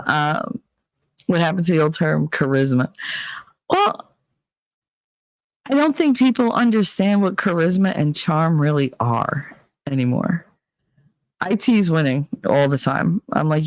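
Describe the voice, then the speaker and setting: Male streamer, higher-pitched voice, dry and close recording, candid and foul-mouthed chat delivery. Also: animated, a little slow, pauses often, no room sound. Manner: blunt, profane, emotionally candid. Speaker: livestream host reading chat. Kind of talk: casual livestream chat.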